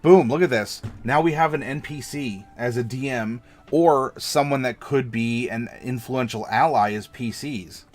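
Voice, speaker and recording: A game master and show host leads a casual tabletop game worldbuilding chat, speaking loosely with lots of fillers and restarts. His mid-range voice moves at a measured pace with few pauses. Faint music plays behind him.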